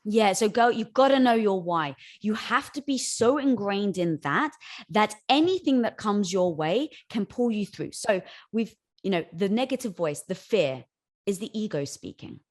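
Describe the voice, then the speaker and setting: A woman's voice: mid-range voice, expressive, moderate pace. Earnest, encouraging woman guest. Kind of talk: conversational interview.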